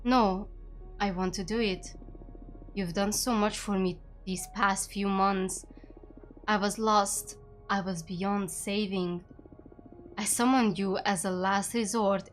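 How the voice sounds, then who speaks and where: A woman reading the lines of an earnest exiled young witch in a soft, heartfelt voice. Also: mid-range voice, natural voice.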